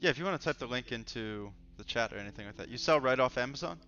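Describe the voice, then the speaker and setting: His voice is medium in pitch, pushed and bright, and he talks fast and with plenty of animation. As host of a relaxed livestream conversation, he jokes and reads out comments, heard through dull lo-fi audio with soft music.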